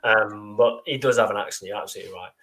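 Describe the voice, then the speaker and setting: A man co-hosting a live football fan show, chatting casually with dry, deadpan jokes and reading out viewer comments. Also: fairly low pitch, fast. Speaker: podcast co-host.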